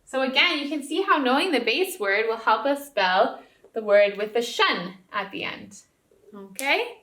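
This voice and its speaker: Expressive and unhurried, this woman's high-leaning, sharp voice leads a spelling lesson for young children. She encourages them patiently and keeps asking "okay?", all captured with roomy echo.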